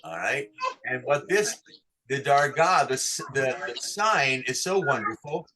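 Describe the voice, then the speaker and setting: A man's voice: mid-range voice, big pitch swings, measured pace, background noise. A man teaching Torah cantillation online, patiently explaining each sign and singing short chant examples for the class to repeat.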